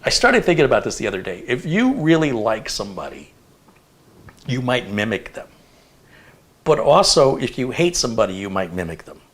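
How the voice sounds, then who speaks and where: A man in his fifties hosting a casual live chat, telling stories in an animated, rambling way with lots of fillers. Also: medium pitch, normal speed. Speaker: host.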